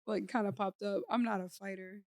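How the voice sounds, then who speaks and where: A young woman co-hosting a casual podcast, telling a story in an animated, chatty way with lots of filler words. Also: medium pitch, brisk, dry recording, clean studio sound. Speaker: podcast co-host.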